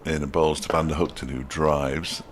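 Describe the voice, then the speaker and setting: A man's voice: a bass voice, little pitch movement, normal speed. A middle-aged man giving ball-by-ball cricket commentary, with dry, wry asides between deliveries.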